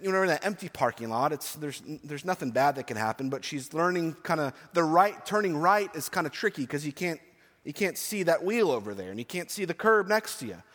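A man's voice: a little high, fairly bright tone. A pastor in his forties preaching an earnest, emphatic sermon to his church, with chatty personal asides. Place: church sanctuary. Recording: long reverb of a church hall.

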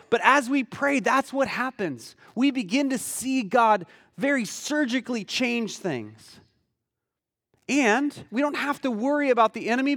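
A man preaching a sermon as pastor, animated and conversational, with lots of rhetorical questions. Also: very high voice, dry recording, studio quality, in a large hall.

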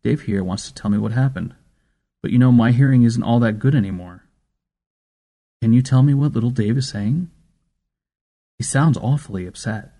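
A tender, soothing grandmother over 60, voiced by a male narrator, speaking softly and coaxingly. The voice sits mellow and warm in this storybook reading, unhurried and gentle. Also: medium pitch, natural voice.

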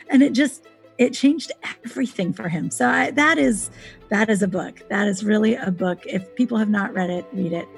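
A woman guest on a podcast telling a personal story in casual conversation, animated and acting out quoted dialogue. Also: normal speed, creaky, breathy edge, soft background music. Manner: animated, acts out quoted dialogue with pitch jumps.

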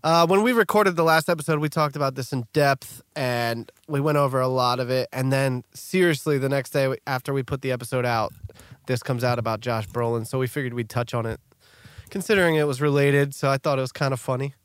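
A man's voice: medium pitch, brisk, a bit bright, clear, resonant tone, dry recording, studio quality. A man co-hosting a podcast, chatting casually and joking with profanity. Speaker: podcast co-host. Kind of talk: casual chat.

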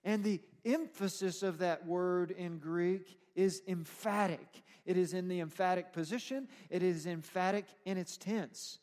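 Slow-speaking man preaching in a hall. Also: high voice, steady tone, a little mellow. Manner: emphatic, explanatory preaching. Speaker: pastor. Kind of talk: sermon. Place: church sanctuary. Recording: long reverb of a church hall.

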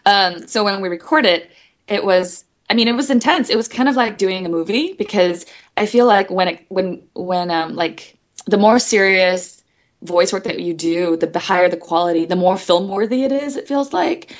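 A woman who voices animated characters, chatting in a guest interview in a bubbly, giggly way and acting out the voices she quotes. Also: medium pitch, moderate pace, highs cut off. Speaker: guest voice actress. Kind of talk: casual interview chat.

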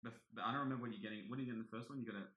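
A man in his twenties co-hosting a podcast, chatting casually with animated, jokey banter. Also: mid-range voice, very fast, dull audio, crowd noise. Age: 20s. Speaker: podcast co-host. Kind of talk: casual chat. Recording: echoey room.

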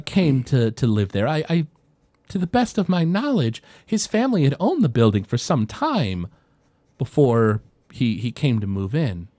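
A soft-spoken older woman neighbor from a tabletop game, courteous and a little unsure, stumbling and repeating herself as she answers, put on by the game master in a raised, lilting voice. The sound is dry and close. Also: mid-range voice, dry recording, pitched above the performer's own voice. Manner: gentle, hesitant, repeats words.

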